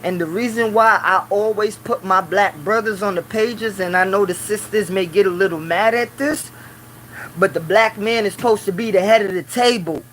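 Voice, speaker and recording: Here a man whose voice sits high runs a casual live stream from his small workplace office, keeping a moderate pace. He talks in sprawling phrases peppered with "you know," and when riled he becomes loud and lecturing. Slight background noise comes through a low-quality recording.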